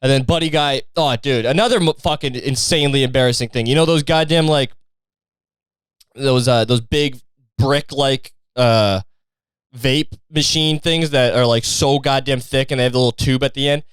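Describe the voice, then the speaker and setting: A young Canadian man hosting a podcast, ranting casually with lots of profanity and an animated, rambling delivery, recorded outdoors on a street. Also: mid-range voice, moderate pace, clean tone, no room sound. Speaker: podcast host. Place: outdoors in a street after a match.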